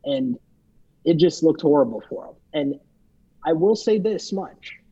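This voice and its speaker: A man's voice: on the high side, animated, measured pace, warm tone, slightly rough. A man co-hosting a podcast, chatting loosely and joking as he recaps and mimics people. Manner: rambling, joking, imitates people he talks about. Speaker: podcast co-host. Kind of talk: casual podcast recap chat. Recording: dull lo-fi mic sound.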